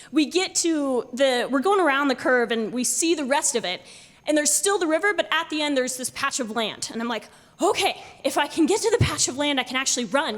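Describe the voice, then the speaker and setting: A young woman tells a true story on a live stage, her high, bright voice leaping up and down as she acts out the quotes. She laughs often and keeps the telling animated. The sound rings with the long reverb of a hall.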